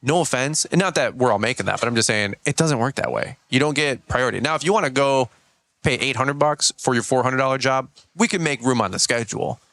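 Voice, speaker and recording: A man's voice: medium pitch, fairly quick, gravelly, no room sound. A man, a small business owner and podcast guest, telling stories in a casual, slangy way. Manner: animated storyteller, slangy. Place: Michigan.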